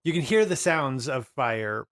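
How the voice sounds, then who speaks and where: A man's voice: medium pitch, lively intonation, a little slow, a bit bright, no echo, clean studio sound. A man running a tabletop game as game master, narrating scenes and laughing often.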